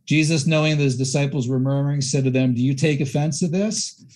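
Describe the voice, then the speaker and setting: A man hosting a casual discussion who reads scripture aloud and breaks into animated, self-correcting commentary. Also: fairly high pitch, a little fast. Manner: animated, acts out quotes with mock voices. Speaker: podcast host.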